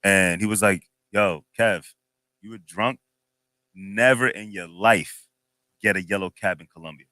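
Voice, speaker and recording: Bright-voiced man telling a story. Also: on the low side, a little slow, no room sound. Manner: animated, laughing, slangy storyteller. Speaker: podcast co-host. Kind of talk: casual chat, storytelling.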